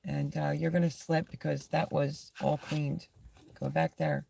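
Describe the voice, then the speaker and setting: Slow, gravelly-voiced middle-aged woman. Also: sits low, flat delivery, mellow, a little hiss or hum. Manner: rambling, chats to her dog between thoughts. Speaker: live streamer. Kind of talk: casual live-stream chat. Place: small camping setup indoors.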